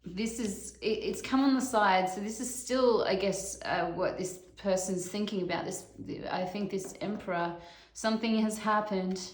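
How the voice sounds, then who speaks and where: A woman doing a casual tarot reading, thinking aloud in a slow, musing way. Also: medium pitch. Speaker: tarot reader. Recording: echoey room with clear background noise.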